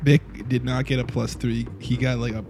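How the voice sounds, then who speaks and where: A man's voice: medium pitch, level tone, moderate pace, gravelly, music in the background. A man running a tabletop role-playing game as game master, with a playful, teasing manner.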